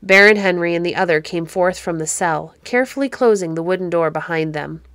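A woman narrating a classic children's novel aloud, measured and expressive. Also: on the low side, dry recording, studio quality. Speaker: storyteller.

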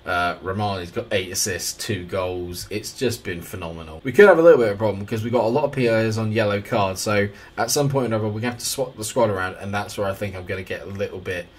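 A man giving casual, excitable commentary over a football management game, with wry asides. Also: on the low side, fast talker, hardly any pauses. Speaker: gaming YouTuber.

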